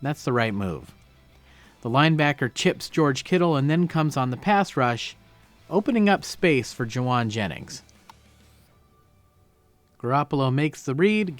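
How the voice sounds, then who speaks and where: A man's voice: medium pitch, expressive, measured pace, long pauses, no room sound, soft background music. A man breaking down football game film, explaining each play and stressing key words.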